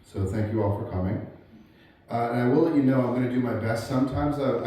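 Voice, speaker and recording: A man in his forties giving a eulogy for his grandfather, reading family memories aloud in a halting way with many fillers and chuckles. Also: medium pitch, mellow. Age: 40s. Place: large hall at a memorial gathering. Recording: very echoey hall, voice heard from far off, faint room noise.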